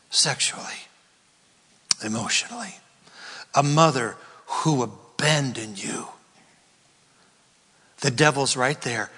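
A male pastor preaching a sermon, emphatic and swinging between loud declarations and hushed whispers. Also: mid-range voice, breathy edge, big-room sound.

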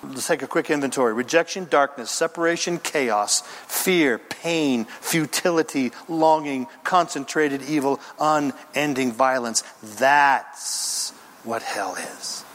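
A man preaching a sermon as a pastor, emphatic and dramatic, building long lists and pausing for effect. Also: fairly high pitch, fairly bright tone, slight background noise. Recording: long hall reverb.

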